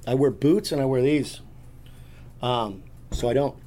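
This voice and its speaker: A man's voice: medium pitch, unhurried, warm tone. A man chatting as a podcast guest, rambling through stories with many restarts. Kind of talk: casual chat.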